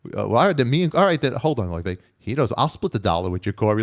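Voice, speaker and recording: Animated teasing male talk-show host. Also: mid-range voice, fast, few pauses. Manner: excitable, teasing, repeats himself. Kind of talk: casual live-stream chat.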